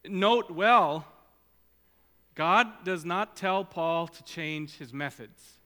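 A man's voice: high-pitched, drawn-out words, sharp tone. A man preaching a sermon as pastor, urging his listeners on with earnest, repeated exhortations. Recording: long hall reverb.

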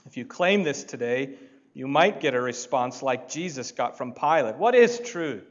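A man preaching a sermon, deliberate and building to emphatic points. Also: mid-range voice, lo-fi sound. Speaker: pastor.

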